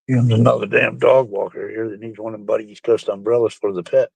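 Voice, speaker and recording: A man's voice: mid-range voice, fairly even intonation, a little fast, creaky, long pauses, darkish tone, dry recording. A middle-aged man, rambling casually and profanely to his live-stream chat, calling them folks.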